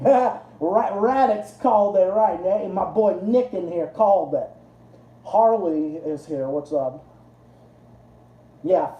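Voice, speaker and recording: A man's voice: sits high, mellow. A man hosting a casual livestream, rambling and swearing, often laughing at his own jokes. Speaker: livestream host. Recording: roomy echo.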